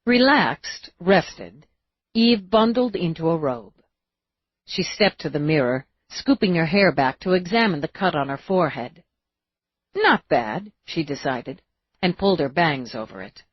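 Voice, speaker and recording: A woman reading an audiobook in a steady, measured way, in a dull, dry recording. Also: low-pitched, breathy edge, dry recording. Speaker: audiobook narrator. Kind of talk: audiobook narration.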